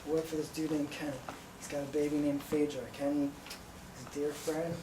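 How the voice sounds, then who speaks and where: A sleep-deprived man telling a rambling stand-up story in a deadpan way, recorded live in a small venue from a distance. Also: on the high side, brisk, noisy background. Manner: rambling, deadpan, breaks into laughter. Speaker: stand-up comedian. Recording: echoey room from far off.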